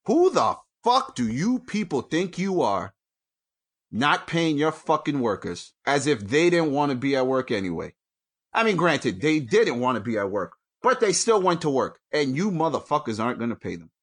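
A man hosting his own show from home, ranting angrily and with heavy profanity, jumping between loud outbursts and low mutters. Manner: angry, profane, swings from shouting to mutters. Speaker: podcast host. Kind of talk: profane solo rant.

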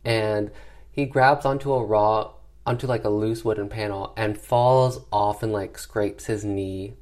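Recapping a horror film in a casual, cheeky way, this male reviewer speaks with a fairly low, somewhat dark voice that stays fairly level. Filler words pepper his chatty delivery, and he rattles off characters' dialogue in quick impressions.

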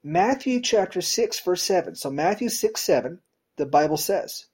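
A man's voice: lively intonation, moderate pace, breathy edge. A man giving a conversational sermon, talking straight to his listeners in a direct, informal way and often checking in with "you know" and "right?". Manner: emphatic swings in pitch and loudness. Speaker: preacher.

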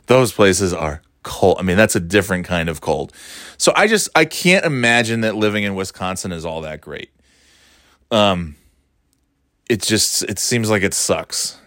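A man's voice: deep voice, animated, measured pace, pauses often, fairly bright tone, no room sound, studio quality. Profane, rambling male podcast host. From northeastern United States. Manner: rambling, profane, sarcastic ranting. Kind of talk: casual solo podcast monologue.

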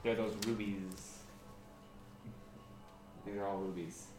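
A man playing a tabletop game, easygoing and quick to laugh. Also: sits low, fairly even intonation, darkish tone, soft background music. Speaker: player. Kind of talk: casual tabletop play. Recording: roomy room, distant mic, ambient noise.

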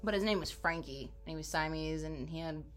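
A woman co-hosting a podcast, telling stories in a casual, animated chat and swearing freely. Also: low-pitched, brisk, faint music behind. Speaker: podcast co-host.

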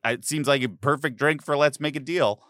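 A man's voice: on the high side, fairly quick, fairly bright tone, no echo, clean studio sound. A man from Philadelphia with a Philadelphia accent, a comedian guest chatting modestly and casually on a podcast. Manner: modest, self-deprecating, easygoing. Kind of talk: casual comedic interview chat.

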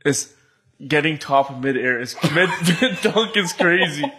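A man's voice: on the high side, expressive, measured pace, bright, forceful tone. A young man co-hosting a podcast in casual chat, joking and cursing with amused delivery. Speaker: podcast co-host.

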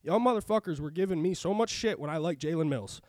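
A man's voice: fairly high pitch, quick pace, no echo. A man hosting a sports betting podcast, talking casually and ranting with lots of swearing. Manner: profane, ranting, animated. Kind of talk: casual chat.

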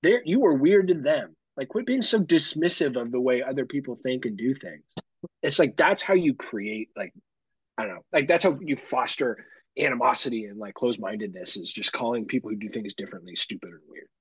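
A man's voice: medium pitch, lively intonation, a little fast, breathy edge, no echo, lo-fi sound. A man hosting a podcast, chatting casually and animatedly, swearing freely and laughing often. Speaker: podcast host. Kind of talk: casual chat.

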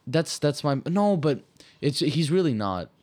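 A young man talks in a loose, laid-back podcast chat. He is blunt and animated and swears a lot when he makes a point. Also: a little high, measured pace. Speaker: podcast co-host. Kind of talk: casual chat.

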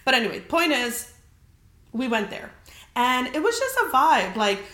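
Her voice sits high and sing-song, moving at a moderate pace with a bright, forceful tone. She's a young adult podcast host telling a story in casual chat, full of "like" fillers and swearing, recorded with a roomy echo.

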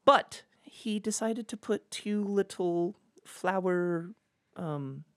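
A podcast host in their thirties from Seattle, chatting casually, rambling and giggling, sometimes bursting into loud squeals. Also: mid-range voice, slow, no echo, clean studio sound.

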